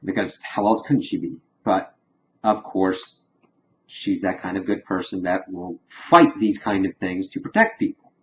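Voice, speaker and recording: A man's voice: deep voice, steady tone, unhurried, highs cut off, slight background noise. A man giving a casual spoken review, rambling through scene recaps with lots of filler words. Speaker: TV show reviewer.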